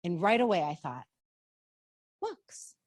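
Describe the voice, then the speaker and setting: A woman author giving a library talk, telling her story with lively animation and questions to the audience. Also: mid-range voice, moderate pace, breathy edge. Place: library program room.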